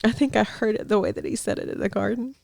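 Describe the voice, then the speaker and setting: Young woman guest telling her faith story, earnest, soft laughs, middle pitch, dry close sound. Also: quick pace, creaky, no echo. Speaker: podcast guest, ministry director. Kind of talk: personal faith testimony in conversation.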